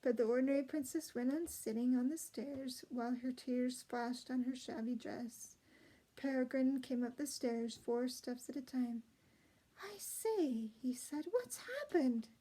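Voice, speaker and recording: A woman reading a children's storybook aloud in a gentle, expressive way. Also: high-pitched, moderate pace, poor audio. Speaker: storybook reader.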